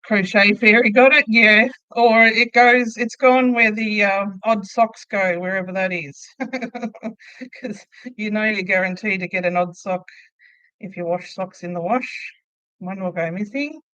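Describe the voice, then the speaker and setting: A woman's voice: medium pitch, fairly even intonation, measured pace, bright, forceful tone, no echo, poor audio. A middle-aged woman hosting a casual crochet livestream from home. She chats easily, laughs often and answers viewer comments aloud as she works. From Australia. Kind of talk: casual live chat while crocheting.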